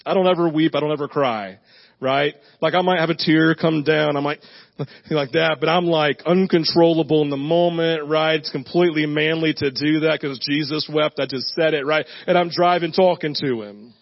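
A man's voice: fairly high pitch, normal speed, vocal fry, highs cut off. A male pastor giving a conversational sermon, telling a personal story with lots of asides and "right?". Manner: animated storytelling, asks "right?" often, self-deprecating asides. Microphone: handheld mic.

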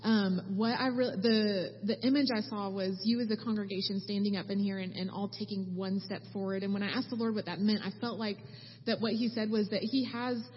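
Soft-spoken husky woman with a Southern accent. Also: mid-range voice, steady tone, fairly quick. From American South. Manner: soft-spoken, hesitant with ums. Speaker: missionary guest speaker. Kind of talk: sharing a prayer word. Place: church sanctuary. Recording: reverberant hall, dull lo-fi sound.

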